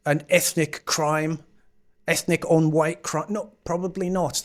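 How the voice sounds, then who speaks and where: Man, live stream host, sarcastic reaction chatter, swears a lot, fairly high voice. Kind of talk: casual reaction commentary.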